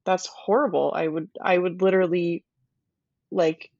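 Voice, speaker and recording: A woman's voice: lowish voice, fairly even intonation, darkish tone, no echo. Chatty woman on a dry, dull mic. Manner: chatty, emphatic, quick asides. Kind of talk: casual conversation.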